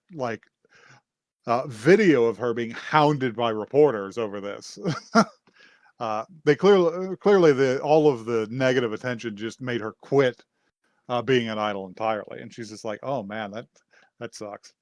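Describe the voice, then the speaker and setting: A man's voice: mid-range voice, a little slow, dry recording. A man hosting a podcast, casually recapping an anime episode in a rambling way, with many fillers and frequent laughs. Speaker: podcast host.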